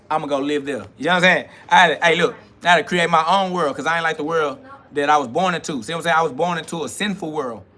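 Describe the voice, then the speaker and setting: Preaching in a casual livestream monologue, a man with a fairly high, sharp voice swaggers through slang-heavy talk and responds directly to the chat.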